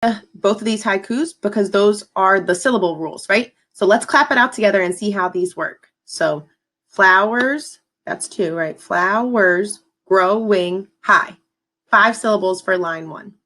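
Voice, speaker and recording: A woman's voice: mid-range voice, moderate pace, a bit bright. A woman teacher talking students through a lesson in an upbeat, encouraging way. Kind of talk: recorded classroom lesson.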